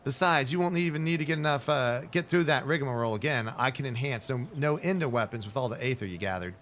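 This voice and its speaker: A man voicing a gruff, boozy male master smith who is lazy and proud, reading game dialogue aloud in bluff, old-fashioned phrasing. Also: medium pitch, fast talker, a bit bright, slight background noise, lightly acted.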